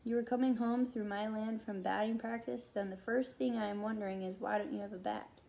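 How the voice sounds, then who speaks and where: A woman voicing a gruff, suspicious one-legged farm woman who questions a boy in blunt, teasing bursts. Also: medium pitch, steady tone, a little fast, mellow, close to an everyday voice, poor audio. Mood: interrogating.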